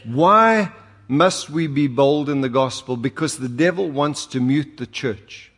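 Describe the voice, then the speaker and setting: A man's voice: mid-range voice, measured pace, fairly bright tone. An older man with a South African accent preaching a sermon, telling humorous stories and rising into emphatic exhortation. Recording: long hall reverb.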